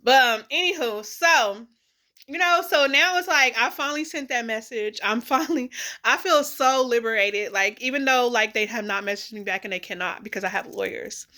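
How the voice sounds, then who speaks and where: A middle-aged woman vlogging in a casual, emotional monologue, blunt and animated, swearing freely and talking straight to her viewers. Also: on the high side, moderate pace.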